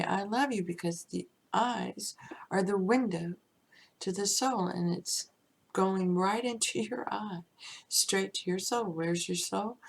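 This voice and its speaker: A woman giving an unscripted spiritual teaching, musing and drifting into soft whispers and chuckles. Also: medium pitch, creaky, slight background noise.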